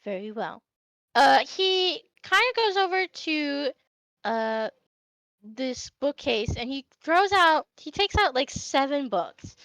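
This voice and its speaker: A woman narrating as game master of a tabletop game, speaking haltingly with many fillers. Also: high-pitched, sing-song, a bit bright, no echo.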